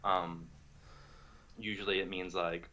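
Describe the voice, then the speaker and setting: A young man from the United States explaining in a casual video chat, relaxed and full of fillers. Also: sits low, takes it slowly, low-quality recording. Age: young adult. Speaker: language exchange partner. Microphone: video call.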